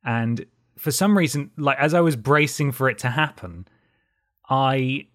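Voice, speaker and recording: A man co-hosting a gaming podcast, telling an anecdote in an animated, casual way with lots of "like" fillers. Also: medium pitch, a little slow. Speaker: podcast co-host. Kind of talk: casual chat.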